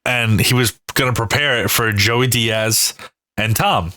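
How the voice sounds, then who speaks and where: A man co-hosting a casual comedy podcast, telling stories in an animated way with lots of swearing and acted-out screams. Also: medium pitch, measured pace, low-quality recording. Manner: animated storyteller, heavy swearing, acts out screams. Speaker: podcast co-host.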